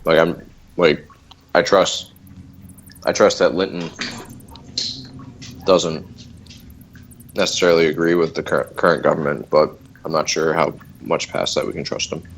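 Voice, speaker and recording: A man playing in a tabletop game, reasoning cautiously in a measured way. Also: extremely low pitch, steady tone, slight background noise, poor audio. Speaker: player. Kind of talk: casual game talk.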